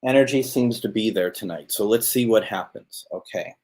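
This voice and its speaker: A man's voice: fairly low pitch, normal speed, a little mellow. A man hosting a live spirit box session, chatting casually while calling out to spirits and talking to his cat. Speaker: host.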